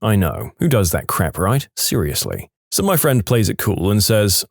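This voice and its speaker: A man narrating funny short stories in a dry, deadpan scripted delivery, briefly putting on voices for quoted lines. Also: on the low side, moderate pace, vocal fry, hardly any pauses, no room sound.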